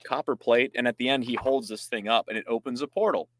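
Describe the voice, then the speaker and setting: A man co-hosting a casual podcast, relaxed, retelling scenes from a comic and laughing easily. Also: medium pitch, quick pace, no room sound, clean studio sound. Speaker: podcast co-host.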